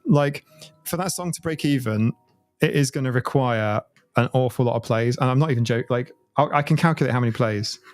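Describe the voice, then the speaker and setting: A British man hosting a casual live stream from his home. He rambles and keeps breaking into giggles, and his voice sits at a medium pitch. Faint music plays in the background. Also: brisk. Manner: giggly, chatty, laughs often, rambling. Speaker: livestreamer. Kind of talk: casual livestream chat.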